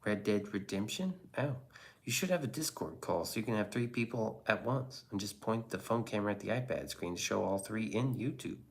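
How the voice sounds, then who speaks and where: A man's voice: on the low side, animated, fairly quick, vocal fry. A man casually reading viewer comments on a live stream, sarcastic and crude, slipping into whispers and mock voices.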